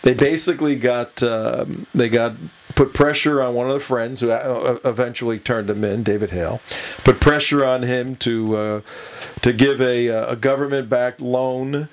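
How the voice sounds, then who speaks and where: A man's voice: mid-range voice, steady tone, normal speed. A man hosting a political talk radio show, telling a long rambling story with many fillers and chuckles.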